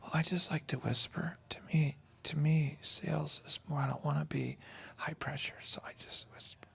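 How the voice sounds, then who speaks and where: Brief: man putting on a timid whispering salesperson, hushed and meek, whispered role-play. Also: on the high side, fairly even intonation, moderate pace, creaky, husky, voice pushed down, exaggerated voice. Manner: soft, meek, whining. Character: timid whispering adult salesperson who avoids pressure.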